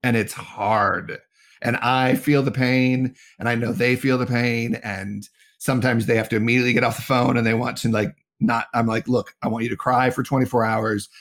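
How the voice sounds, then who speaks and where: Middle-aged male talent agent, lively anecdote teller who acts out the quotes, medium-pitched. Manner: animated, acts out quoted dialogue. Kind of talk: casual storytelling interview.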